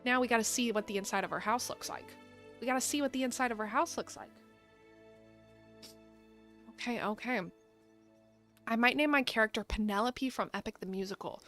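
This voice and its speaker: A woman's voice: a little high, moderate pace, a bit bright, soft background music. Playful, giggly young woman gaming. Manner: playful and giggly, reads in-game dialogue aloud. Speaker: gaming video host. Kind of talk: casual gameplay commentary.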